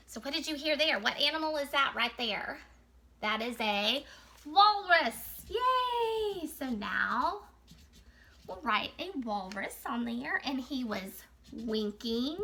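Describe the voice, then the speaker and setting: A woman teacher reading a picture book aloud to young children in an animated, sing-song storytime voice. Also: on the high side, slow, creaky, pauses often, a little hiss or hum.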